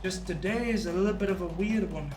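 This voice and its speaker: A man's voice: high voice, brisk, a little mellow, roomy sound, soft background music. A man live-streaming in a brash, boastful, profane way, tired out. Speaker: livestreamer. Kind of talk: casual live-stream chat.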